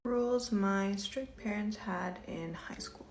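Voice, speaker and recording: A young adult woman softly listing things in a low-key, partly whispered voice-over. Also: slow, faint music behind. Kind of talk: casual get-ready-with-me voice-over.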